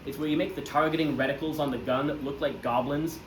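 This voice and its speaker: A man's voice: fairly high pitch, steady tone, fast. A young man casually giving a jokey, rambling presentation to friends, full of fillers. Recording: echoey room with noise.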